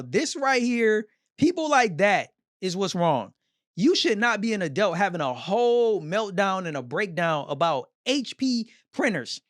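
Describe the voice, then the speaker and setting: A man's voice: very high-pitched, a bit bright, no echo, clean studio sound. A male host giving blunt, mocking, slangy reaction commentary.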